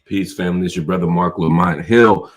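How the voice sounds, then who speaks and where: A low-pitched man hosts a nightly livestream in a loose, conversational way, calling his viewers y'all. His voice is a bit hoarse from a cold he is fighting. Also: fairly even intonation, a little fast, soft background music. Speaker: host. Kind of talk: casual nightly livestream talk.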